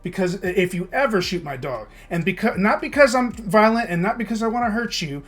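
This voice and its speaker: A man's voice: sits high, expressive, fairly quick, fairly bright tone, faint music behind. A man opening a game stream with casual chat, then venting in a heated, profane, repetitive way. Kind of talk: casual stream intro turning into a rant.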